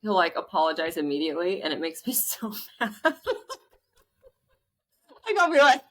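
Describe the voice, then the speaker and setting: A married woman co-hosting a casual podcast with her sister, giggly and animated as she retells scenes. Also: on the low side, normal speed. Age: adult, married. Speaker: podcast co-host. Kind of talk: casual chat.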